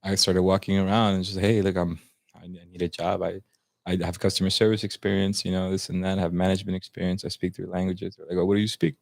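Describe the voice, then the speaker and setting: A man in his twenties from the United States, of Salvadoran family, tells a long story as a guest on a casual podcast, using slang and mixing in Spanish phrases. His voice is deep, creaky and darkish, with flat delivery and a quick pace. The recording is dry and studio quality.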